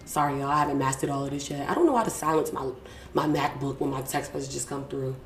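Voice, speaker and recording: A young adult woman hosting a podcast from a small home studio, talking in a casual, effusive, slangy way and warmly thanking the people close to her. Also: rumbling low, fast, a little hiss or hum. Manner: warm, effusive, slangy, repeats thank-yous. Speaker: podcast host. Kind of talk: casual heartfelt podcast talk. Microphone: podcast mic with mixing board.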